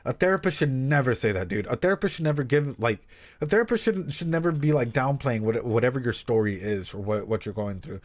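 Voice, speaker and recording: Brief: young man, therapist on a reaction stream, loose and animated, swears, addresses the chat directly. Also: medium pitch, brisk. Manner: animated, swears, talks straight to viewers.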